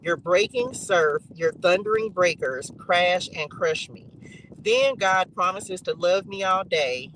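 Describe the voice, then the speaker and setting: A high-voiced man reads psalms to a live chat, leaning into repeated words and dropping colloquial asides. His tone is bright and ringing, with a faint hiss of noise behind him. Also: rough recording. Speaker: online faith reader and streamer.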